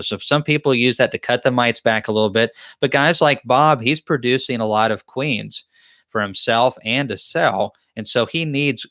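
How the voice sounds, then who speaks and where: A man's voice: on the low side, a bit bright, no echo, studio quality. A man hosts a live-stream Q&A, reading chat questions aloud and answering them in a joking, rambling, self-deprecating way. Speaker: beekeeping channel host.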